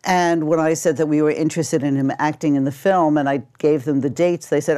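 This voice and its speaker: A woman's voice: deep voice, fairly even intonation, a little fast, few pauses, warm tone. An older woman, a casting director, chatting through anecdotes in an interview and acting out bits of dialogue. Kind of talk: interview storytelling.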